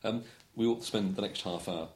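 A man interviewing a guest, asking calm questions. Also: fairly low pitch, a little fast.

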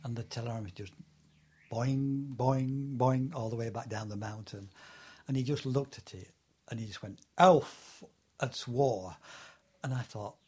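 Older man, husky voice, rambling storyteller, laughs often, interview. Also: mid-range voice, brisk, dark tone. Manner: rambling, many fillers, laughing anecdotes. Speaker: interviewee recalling Antarctic fieldwork. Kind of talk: oral history interview.

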